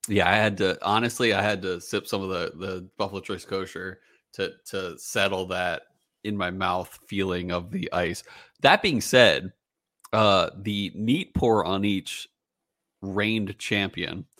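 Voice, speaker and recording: A man with a fairly low voice hosts a relaxed whiskey tasting podcast. He talks his ratings through out loud, upbeat and a little rambling. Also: unhurried. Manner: upbeat, thinks aloud while rating. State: has the hiccups. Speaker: podcast host. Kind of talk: casual whiskey tasting chat.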